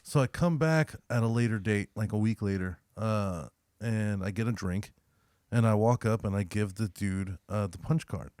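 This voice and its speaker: A young man co-hosting a podcast, telling a story in a casual, profane, animated way and acting out the other people's lines. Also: fairly low pitch, moderate pace, clear, resonant tone, dry recording. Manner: profane, animated storyteller who acts out quotes. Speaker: podcast co-host.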